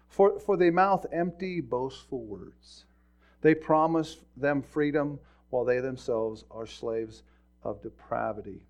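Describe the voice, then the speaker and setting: A man preaching a sermon as pastor, retelling a story with swings from hushed to loud. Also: medium pitch.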